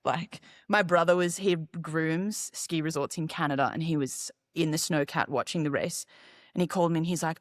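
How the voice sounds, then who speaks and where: A woman's voice: low-pitched, moderate pace, no room sound, studio quality. A young woman, a podcast guest, telling a story in casual chat, acting out quotes and laughing often. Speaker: podcast guest, ski racer.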